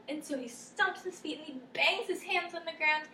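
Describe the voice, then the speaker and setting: A young woman casually retelling a folktale as a storyteller, with animated, loose character voices. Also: high-pitched, a little fast, few pauses, slight background noise. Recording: echoey room from a distance, faint ambience.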